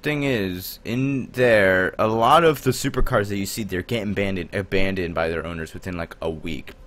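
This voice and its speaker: A man's voice: low-pitched, moderate pace, a bit bright. A man in a casual gaming chat on a voice call, rambling off topic. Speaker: podcast co-host. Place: online voice call.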